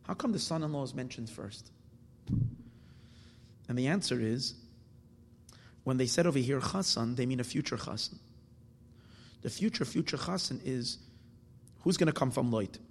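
A man teaches a Torah lesson in a husky, somewhat breathy voice. He poses questions and answers them himself, mixing Hebrew terms into his English. The sound carries a long reverb tail, as if recorded in a large hall. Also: mid-range voice, animated, normal speed, long pauses. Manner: explanatory, asks and answers his own questions; mixes Hebrew terms into English, with restarts and fillers. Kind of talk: Torah class explaining verses.

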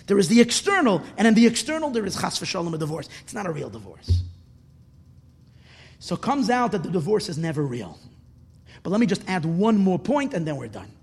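High-voiced impassioned preacher in a hall. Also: male voice, sing-song, brisk, breathy edge. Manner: impassioned, swings from hushed to loud and emphatic, repeats words. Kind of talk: sermon. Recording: long reverb of a hall.

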